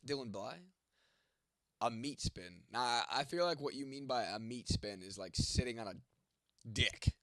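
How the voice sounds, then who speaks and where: Reading chat on a casual livestream, a young man responds bluntly with profane humor, his voice congested, coughing and fading. He speaks unhurriedly at a mid-range pitch, fairly bright with lively intonation, in a dry studio-quality recording.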